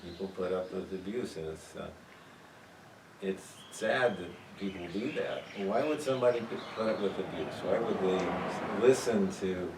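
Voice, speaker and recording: A man's voice: low voice, moderate pace. A man leading a church Bible study, talking conversationally and putting questions to the group. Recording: echoey room, mic far off, noisy.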